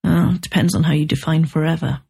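A hoarse, surly male novelist who smokes too much, flat and curt in his replies, as a woman narrator puts him on. The voice sits low and husky, and it stays dry and dismissive. This is audiobook storytelling. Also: quick pace, full character voice. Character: hostile, weary male novelist, a heavy smoker.

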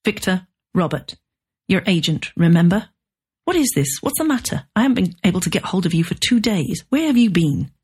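A woman voicing a pushy male literary agent who sounds shrill, pleading and wound up. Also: big pitch swings, a little fast, a little mellow, breathy edge. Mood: agitated.

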